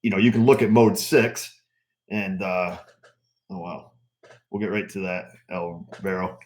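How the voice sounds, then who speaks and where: Deep-voiced middle-aged man rambling casually. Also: measured pace. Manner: rambling, relaxed, frequent fillers. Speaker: auto repair channel host. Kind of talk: casual live stream chat.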